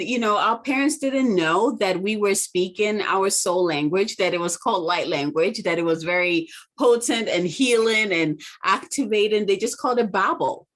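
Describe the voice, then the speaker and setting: A woman guest in a casual interview, speaking earnestly and enthusiastically, often saying "like". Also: medium pitch. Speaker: guest author and healer.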